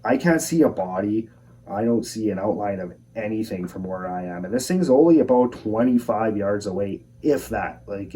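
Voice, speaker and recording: A young man calmly telling his own outdoor encounter story in a measured, plain-spoken way. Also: lowish voice. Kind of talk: first-person encounter storytelling. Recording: voice a bit far from the mic.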